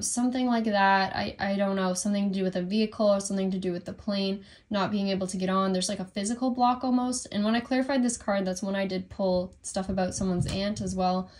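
A woman's voice: mid-range voice, darkish tone. A young woman giving a casual tarot reading at home, rambling through many fillers and apologizing for her slips. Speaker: tarot reader.

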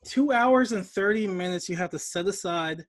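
A man co-hosting a podcast, recapping a movie with animated, jokey, slangy storytelling. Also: sits high, normal speed, slight background noise. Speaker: podcast co-host. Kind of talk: casual movie review chat.

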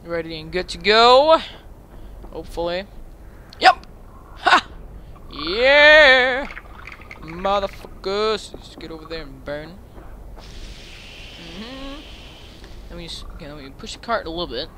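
A man giving excitable gaming commentary into a headset mic, swearing often and breaking into sudden yelps and shrieks. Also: high-pitched, slow, pauses often, a little hiss or hum. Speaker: let's play gamer.

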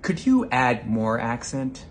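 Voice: medium pitch, sing-song, slow. A performer doing a pushy casting director. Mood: demanding. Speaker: sketch performer. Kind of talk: comedy sketch, two parts.

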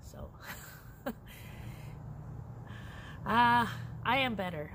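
A woman's voice: on the high side, animated, very slow, fairly bright tone. A middle-aged woman chatting candidly in a personal crochet vlog, laughing often. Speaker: crochet vlogger. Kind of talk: casual personal vlog chat. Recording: noisy background.

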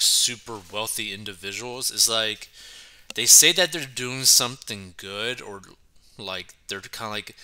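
A man giving casual, chatty commentary, peppering his talk with "right" and "like". His voice is strikingly bright and crisp, sitting slightly low in pitch. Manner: chatty, keeps saying right and like. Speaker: commentary channel host. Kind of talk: casual commentary reading news.

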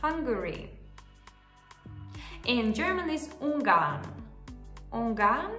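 A woman with a bright, high, animated voice hosts a casual language lesson. She speaks slowly and keeps asking the viewer "yeah?". Her voice echoes around the room over soft background music. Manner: chatty, often checks in with the viewer using "yeah?". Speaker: language teacher and channel host.

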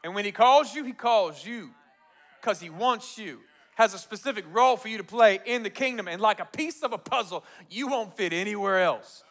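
A man preaching a sermon as pastor, telling the story in an animated, jokey way and calling out to the crowd. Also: high-pitched, moderate pace.

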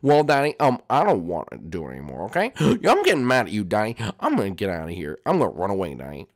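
A man's voice: fairly low pitch, huge pitch swings, fast talker, voice pushed down. A man voicing a whiny, dim-witted bratty boy who talks in a sulky way. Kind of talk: Minecraft roleplay voice acting.

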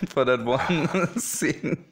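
Brief: male podcast host, slightly high voice, drawn-out delivery, laughing along. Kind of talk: casual comedy chat.

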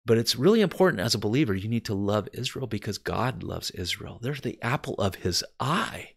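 A man's voice: fairly low pitch, expressive, a little fast, gravelly, husky. An American man teaching from the Bible in an earnest, emphatic way, speaking straight to his viewers. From United States.

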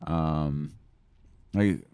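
Very deep-voiced man rambling casually. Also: drawn-out words, warm tone, clear, resonant tone, dry recording, clean studio sound. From Canada. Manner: rambling, many fillers and restarts. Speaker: podcast co-host. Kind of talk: casual political chat.

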